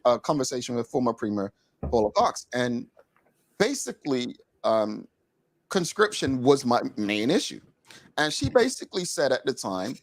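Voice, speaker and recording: A Bermudian man hosting a talk show, his pitch swinging widely as he makes his point. He talks in an emphatic, opinionated way, pressing hard on what he believes. His tone is casual studio chat.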